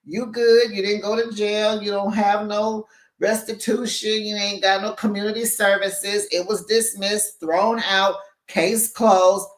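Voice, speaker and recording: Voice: mid-range voice, measured pace, echoey room. Laughing, gossipy recap YouTuber voice. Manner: laughs often, gossipy and animated, uses slang. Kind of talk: casual chatty show recap. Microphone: USB microphone held back from the mouth.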